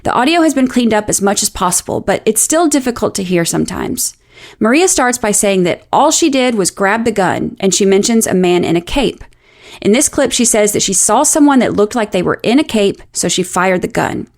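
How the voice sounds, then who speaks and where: A woman hosting a true-crime show, narrating a scripted account in a measured, explanatory way with a lightly sardonic edge. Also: mid-range voice, expressive, gravelly. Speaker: podcast host.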